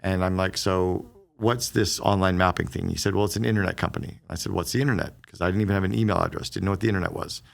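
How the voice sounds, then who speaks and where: Middle-aged male podcast guest, deep creaky voice, rapid animated storyteller. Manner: fast, animated storyteller who acts out quoted dialogue. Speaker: guest, business strategist.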